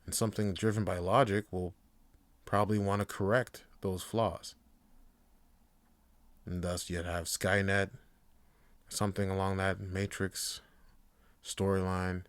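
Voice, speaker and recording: A man's voice: low-pitched, level tone, measured pace, long pauses, smooth, dry recording. A man hosting a podcast, talking in a casual, rambling way and ranting with plenty of swearing. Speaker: podcast host.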